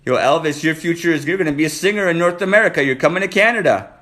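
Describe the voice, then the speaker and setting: A man's voice: a little high, fast talker, a bit bright. A man hosting a casual live stream, flirting playfully and calling out viewers by name. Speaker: livestream host reading viewer comments.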